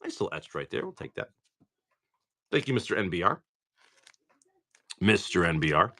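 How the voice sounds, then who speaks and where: A man running a live card sale, talking in a rambling, chatty way and often restarting. His pitch is animated, and his voice is bright and forceful. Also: moderate pace. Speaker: live card-break seller. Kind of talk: casual live-stream chat.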